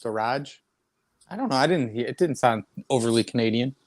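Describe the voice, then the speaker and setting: A man's voice: mid-range voice, lively intonation, fairly quick. An American man chatting as a guest on a casual livestream, laughing easily.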